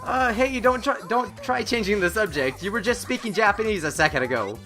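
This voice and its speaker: A fiery, bossy young schoolgirl from a visual novel game scolds in a shrill, accusing tone, as a man puts her on. The voice sits high and bright and swoops all over the place, huffy and forceful. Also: expressive, brisk, soft background music. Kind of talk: reading visual novel dialogue aloud.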